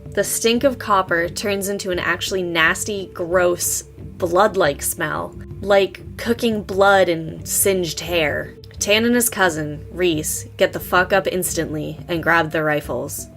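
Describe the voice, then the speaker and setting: A woman with a lowish voice reading a scary story aloud, slowly and deliberately. Her delivery is casual and full of swearing, with faint music behind. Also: a bit bright. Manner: slow, casual, profane storytelling. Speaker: podcast co-host.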